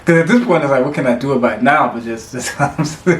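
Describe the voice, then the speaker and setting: A man's voice: mid-range voice, quick pace. A man co-hosting a podcast in casual chat, laughing often and rambling loosely. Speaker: podcast co-host. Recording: roomy echo, faint background noise.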